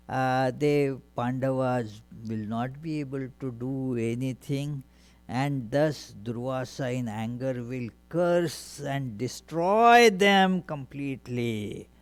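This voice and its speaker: A man, a monk, giving a spiritual lecture and retelling scripture stories in an unhurried way, with frequent hesitations. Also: medium pitch.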